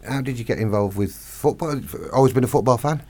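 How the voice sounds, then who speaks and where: A man hosting an interview, asking brisk affirming questions. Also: mid-range voice, darkish tone. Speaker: interviewer, host. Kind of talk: interview chat.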